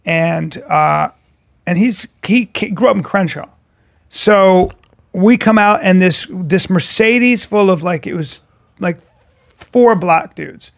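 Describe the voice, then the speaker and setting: High, gravelly-voiced man telling stories. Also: slow. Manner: rambling, animated, swears a lot. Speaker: podcast co-host. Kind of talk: casual storytelling chat.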